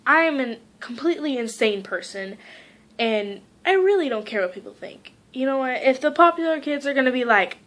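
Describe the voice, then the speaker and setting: A teenage girl vlogging casually, rambling through a story with lots of "like" and quoting people in lively voices. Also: high-pitched, normal speed. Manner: heavy use of "like".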